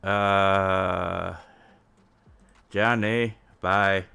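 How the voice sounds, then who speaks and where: This Japanese learner streams live with a low, gravelly voice that is bright, forceful, clear, and resonant, with fairly even intonation and drawn-out words. He rambles casually and chuckles often as he sounds things out.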